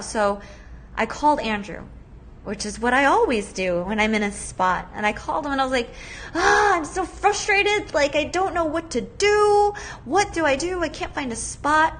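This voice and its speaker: A woman in her thirties hosting a podcast, telling a personal story in a chatty, animated way with many fillers. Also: fairly high pitch, a little hiss or hum. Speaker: podcast host.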